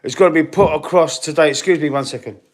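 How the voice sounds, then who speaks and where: A football channel host from East London with a Cockney accent talks fast in a somewhat high voice. His casual live stream is rambling and chatty, packed with fillers, and he has a runny nose.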